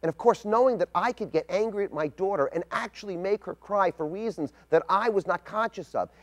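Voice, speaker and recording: A middle-aged man giving a scripted spoken essay as a rabbi, telling a personal story in a measured, reflective way. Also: high voice.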